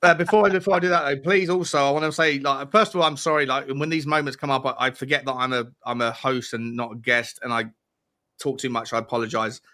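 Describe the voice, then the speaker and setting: A young man hosting a livestream, energetic and rambling with restarts. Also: mid-range voice, quick pace. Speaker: livestream host. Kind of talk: casual livestream chat.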